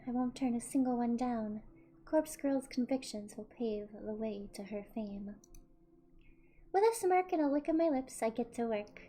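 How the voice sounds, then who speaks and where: A woman voicing a smug, psychopathic young woman from a visual novel, reading in a cold, smirking, low and quiet voice. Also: natural voice.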